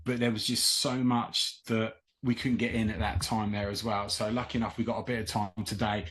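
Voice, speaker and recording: A man hosting a podcast, welcoming his guest back and asking questions in a slow, hesitant way. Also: lowish voice, flat delivery, a bit bright, a little hiss or hum. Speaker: podcast host. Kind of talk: podcast interview.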